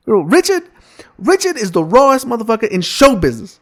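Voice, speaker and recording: A male comedian tells a story on stage in a live stand-up routine. He is loud and indignant, and he swears freely as he talks. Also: very high-pitched, very animated, brisk.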